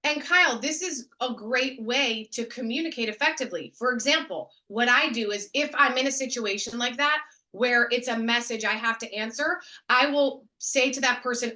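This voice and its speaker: A woman being interviewed as a guest on a video call, talking in an enthusiastic, expressive way. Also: high-pitched, normal speed, few pauses. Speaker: guest, actress and speaker. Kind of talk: casual interview.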